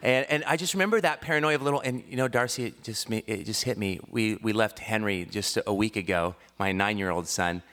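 A man in his thirties, originally from Washington State, preaching a sermon that mixes a relaxed personal story with rising, fervent scripture preaching. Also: fairly low pitch, brisk, few pauses. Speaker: pastor.

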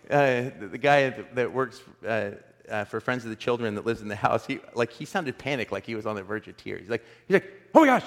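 Animated pastor preaching in a reverberant hall. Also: male voice, mid-range voice. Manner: animated storytelling, self-deprecating humor. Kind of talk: sermon.

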